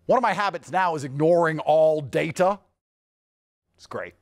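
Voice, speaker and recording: A man's voice: fairly high pitch, moderate pace, pauses often, dry recording, studio quality. A man speaking as an interview guest, boastful and mocking, often slipping into sneering mimicry of others. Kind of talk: interview clip played in a reaction video.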